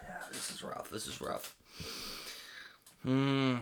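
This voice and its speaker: A man's voice: medium pitch, fairly even intonation, takes it slowly, a little hiss or hum. A man trading jokes in casual comedic banter, breaking into silly impressions and laughter. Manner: joking, bursts into loud put-on voices and laughter. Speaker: podcast co-host doing animal impressions.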